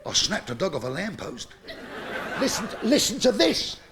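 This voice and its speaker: A man's voice: sits high, huge pitch swings, normal speed, background noise. A man telling crude jokes in a blunt, chuckling stand-up routine on a comedy stage. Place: comedy stage before a live audience.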